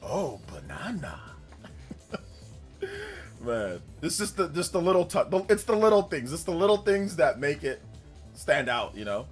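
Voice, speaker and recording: A man's voice: fairly high pitch, very animated, normal speed, soft background music. A young man streaming a video game live, chatting casually, rambling and repeating himself and laughing easily.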